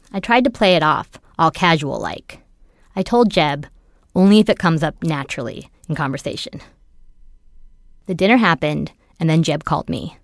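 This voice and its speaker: A woman's voice: sits low, no echo. A woman hosting a podcast, narrating from a script with wry, dry humor. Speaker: podcast host.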